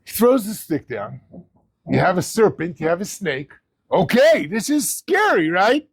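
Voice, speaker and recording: High-voiced man teaching a casual Torah class. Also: big pitch swings, a little slow, vocal fry, slightly rough, no echo. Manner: conversational, quizzes listeners with questions. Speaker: rosh yeshiva teaching the weekly portion.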